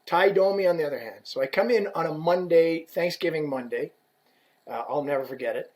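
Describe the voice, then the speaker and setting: A man's voice: on the high side, brisk. A man telling a story as a podcast guest, acting out dialogue and swearing freely. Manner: animated, profane, acts out dialogue. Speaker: podcast guest, former equipment rep. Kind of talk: casual anecdotal storytelling.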